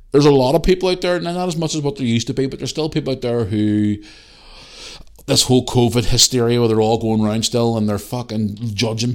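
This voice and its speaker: A man, hosting a podcast and ranting in heated, swear-filled storytelling. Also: mid-range voice. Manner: heated storytelling, heavy swearing, animated re-enacted dialogue. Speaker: podcast host. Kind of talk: casual ranting monologue.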